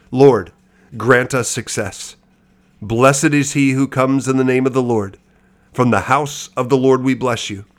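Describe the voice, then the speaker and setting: A man reading scripture aloud at a measured, steady cadence, then adding a brief reflection. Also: medium pitch. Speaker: Bible reader.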